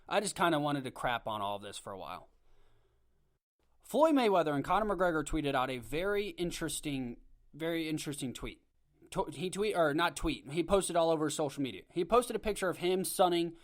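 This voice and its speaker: A man's voice: on the high side, lively intonation, brisk. A man hosting his own podcast, giving a casual, opinionated rant on a home microphone. He rambles, restarts often, and talks with blunt conviction. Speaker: podcast host. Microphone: home podcast mic.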